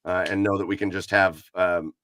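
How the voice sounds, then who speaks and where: A man's voice: deep voice, fairly even intonation, normal speed, fairly bright tone. A man hosting a casual podcast, talking loosely with many fillers and easy laughs. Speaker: podcast host. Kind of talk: casual chat.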